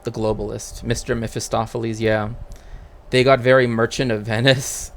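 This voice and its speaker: A man's voice: mid-range voice, flat delivery, moderate pace, fairly bright tone. A man, a cultural historian, chatting casually on a live stream in a rambling way, often tagging his sentences with "right?".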